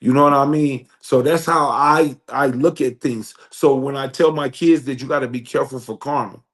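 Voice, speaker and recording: A man's voice: mid-range voice, steady tone, normal speed, a bit bright. A man co-hosting a podcast in casual chat, earnest and preachy, repeating himself as he makes a point. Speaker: podcast co-host.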